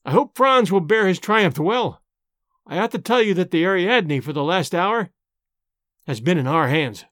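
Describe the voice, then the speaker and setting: A man voices a steely adventurer hero in a storybook reading. He speaks firm and clipped, in a fairly high voice. The sound is dry and close. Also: lively intonation, moderate pace, a bit bright, dry recording.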